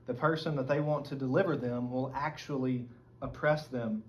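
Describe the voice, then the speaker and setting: A man's voice: medium pitch, steady tone, moderate pace. Southern guy teaching bible study in a church room, earnest, reads verses out, kinda muffled recording. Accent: Southern American. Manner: earnest, reads scripture aloud and explains it. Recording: dull lo-fi recording, faint room noise.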